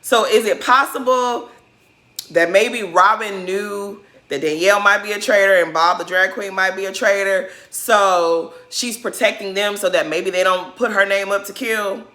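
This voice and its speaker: A woman's voice: medium pitch, normal speed, pushed and bright. A woman giving blunt, sassy reaction commentary on a reality show, talking straight to the cast.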